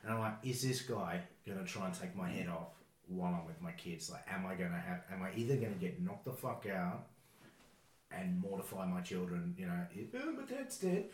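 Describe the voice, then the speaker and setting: Low-voiced man chatting frankly. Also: expressive. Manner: fast, frank, profane. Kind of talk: casual chat. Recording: roomy echo with faint hum.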